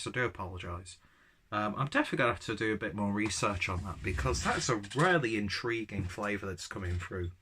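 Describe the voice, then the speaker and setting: A man's voice: lowish voice, sharp tone, husky. Enthusiastic man reviewing beer. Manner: enthusiastic, self-mocking, rambling with ums. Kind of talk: casual tasting review.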